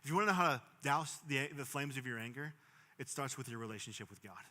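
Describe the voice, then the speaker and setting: A young man preaching a sermon as pastor, earnest, swinging from emphatic bursts to quiet, low stretches. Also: lively intonation, quick pace, in a large hall. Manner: earnest, rising to emphatic bursts then dropping soft.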